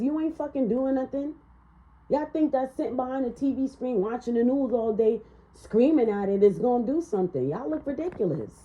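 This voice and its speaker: A tarot reader gives a casual reading, blunt and foul-mouthed, ranting and laughing as she goes. Her animated voice swings up and down in pitch, and the recording sounds slightly dull and lo-fi.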